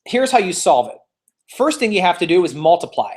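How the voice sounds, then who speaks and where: A man's voice: high-pitched, big pitch swings, fairly quick, darkish tone. A man teaching a live online real estate exam class, playful and teasing, walking students step by step and cheering them on.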